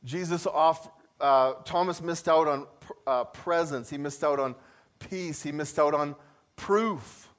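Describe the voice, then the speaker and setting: Male pastor with a high voice, preaching an animated sermon that hammers repeated phrases and asks the room questions. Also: measured pace.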